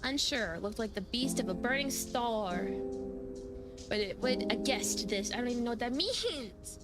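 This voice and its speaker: A woman's voice: on the high side, lively intonation, a little slow. A young woman casually streaming a horror game, giggling and reading the game's text aloud. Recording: game music behind.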